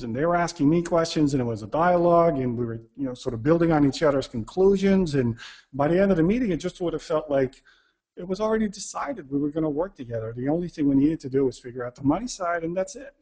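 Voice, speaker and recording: A man's voice: fairly high pitch, expressive, fast talker, mellow. Man telling a self-deprecating work story. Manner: anecdotal, self-deprecating, acts out quoted dialogue. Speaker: speaker. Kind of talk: storytelling talk.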